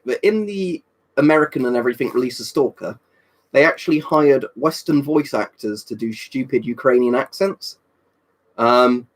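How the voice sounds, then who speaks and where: A man's voice: mid-range voice, slightly rough. A man chatting casually on a live stream in a rambling, talkative way, answering viewers' questions and swearing now and then. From Britain.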